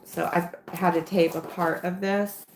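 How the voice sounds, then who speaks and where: A woman with a low, gravelly voice rambles slowly through a casual crafting livestream. She talks to herself as she works and fills gaps with ums. The recording sounds like a bare, echoing room. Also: steady tone, slight background noise. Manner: rambling, talks to herself while working, many fillers.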